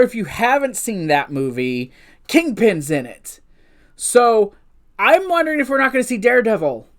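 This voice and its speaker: Excitable man gushing in a movie review. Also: sits high. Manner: excitable, swears freely, gushing fan; rambling with restarts and filler. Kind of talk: casual unscripted review.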